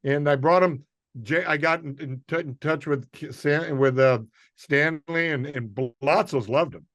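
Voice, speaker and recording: A man from New York spins a comedy tale in casual chat. He acts out every quote and laughs along. His voice sits high and sounds dry and close. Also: a little slow, no room sound. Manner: animated storyteller, acts out quotes, laughs mid-story. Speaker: guest comedian.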